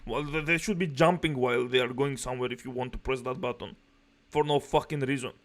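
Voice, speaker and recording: A man's voice: medium pitch, fairly even intonation, fast. A man doing reaction commentary in aggressive, profane, mocking rants.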